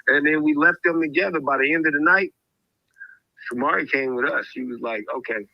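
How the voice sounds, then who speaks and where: A man hosting a show, telling a story in a casual, animated way and acting out the voices of the people in it. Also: on the high side, brisk, vocal fry, no room sound, muffled recording.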